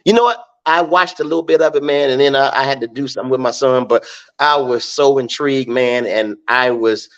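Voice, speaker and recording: A man's voice: mid-range voice, fairly even intonation, brisk. Middle-aged male comic guest, casual, stammery repeats, muffled lo-fi audio. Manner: easygoing, repeats words while searching for them. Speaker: comedian and podcast guest. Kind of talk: casual chat.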